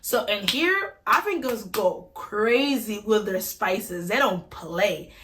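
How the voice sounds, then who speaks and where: A woman's voice: mid-range voice, animated, slow pace, noisy background. A young woman from Puerto Rico with an Atlanta-style American accent, talking in an upbeat, chatty way with lots of likes. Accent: American, Atlanta-influenced. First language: Spanish. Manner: upbeat, chatty, says like a lot. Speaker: vlogger. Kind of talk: casual vlog.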